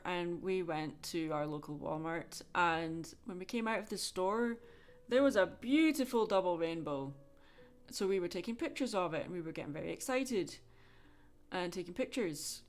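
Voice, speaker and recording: Give me a Scottish woman telling a story frankly on a drawing stream, fairly low-voiced. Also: normal speed. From Scotland. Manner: chatty, frank storytelling with soft laughs. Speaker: livestreaming artist. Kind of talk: casual chat while drawing on a livestream.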